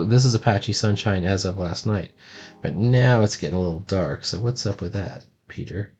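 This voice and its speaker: A man's voice: on the low side, a little mellow, muffled recording. A man casually touring his own sketchbook as a cartoonist, rambling and self-deprecating, with lots of ums.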